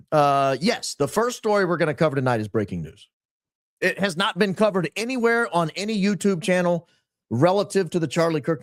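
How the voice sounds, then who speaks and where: A man hosting his podcast, clearing his throat often and nursing a dry, strained voice. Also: fairly high pitch, dry recording. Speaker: podcast host. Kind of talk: casual show opening. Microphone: podcast microphone.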